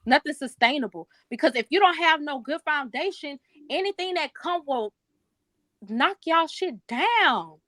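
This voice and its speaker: A woman's voice: sits high, lively intonation, unhurried, bright, forceful tone, no echo. A woman co-hosting a podcast, speaking in an earnest, emphatic and heartfelt way in casual debate. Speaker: podcast co-host.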